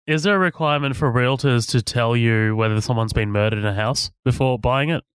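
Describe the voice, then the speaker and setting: A man's voice: mid-range voice, fairly quick, clean tone, no echo, clean studio sound. A man co-hosting a podcast, laid-back and curious, swearing casually as he chats about a film. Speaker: podcast co-host. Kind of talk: casual movie review chat.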